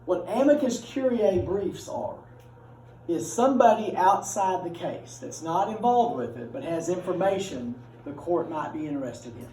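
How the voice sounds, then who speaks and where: Folksy teacher in an echoey classroom. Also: male voice, high voice, dark tone, a little hiss or hum. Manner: folksy, joking, chatty with students. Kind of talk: casual classroom lecture. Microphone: far from the speaker. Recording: roomy classroom from far off.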